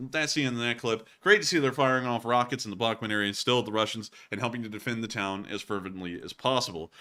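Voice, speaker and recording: Bright-voiced man joking over war clips. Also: medium pitch. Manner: jokey, rambling, sarcastic asides. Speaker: host of a war news commentary channel. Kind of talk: casual commentary over video clips.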